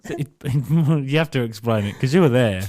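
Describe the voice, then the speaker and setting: A man's voice: mid-range voice, expressive, moderate pace, dark tone. Laughing young man telling a story. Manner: laughs through his story, swears a lot. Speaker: podcast co-host. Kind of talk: casual storytelling.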